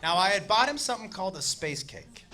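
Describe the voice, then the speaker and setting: A man's voice: sits high, sing-song, quick pace, sharp tone, faint music behind. A male stand-up comedian telling a story on a club stage, with a brash, profane and punchy delivery. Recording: live club set with audience laughter.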